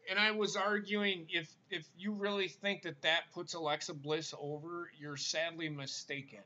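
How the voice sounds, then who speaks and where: A man's voice: a little high, fairly even intonation, normal speed, pushed and bright, muffled recording. A man hosting a casual wrestling talk show, blunt and profane, who stammers as he starts a point. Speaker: podcast host.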